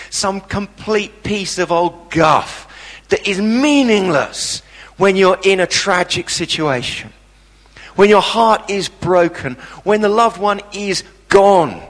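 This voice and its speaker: A man delivers a sermon with passion, leaning hard on his words and using plain blunt phrasing. He speaks slowly in a fairly high voice. A long reverb hangs around him, as in a hall. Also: a bit bright. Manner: impassioned, emphatic, blunt colloquial turns. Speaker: preacher.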